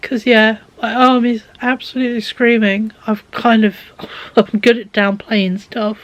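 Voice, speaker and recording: A woman's voice: on the high side, flat delivery, unhurried, dull audio. Weary young woman vlogging. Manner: tired, rambling, drifts into soft near-whispers. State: exhausted. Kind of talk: casual vlog chat. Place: bedroom at home. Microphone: handheld camera.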